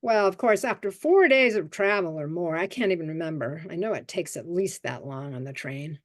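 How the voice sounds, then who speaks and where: A woman in her seventies telling a personal childhood story at a story swap event, vivid and expressive. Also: on the low side, moderate pace. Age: 70s.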